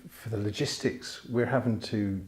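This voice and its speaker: A man's voice: on the low side, normal speed, darkish tone. A man, a filmmaker interviewing an actor, speaking in a hesitant, casual way with many restarts. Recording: echoey room.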